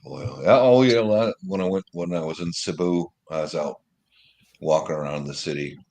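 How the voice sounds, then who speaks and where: A man with a low voice talks in a relaxed, casual way. He chips in with quick reactions and easy laughs, then drifts into his own story. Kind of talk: casual chat.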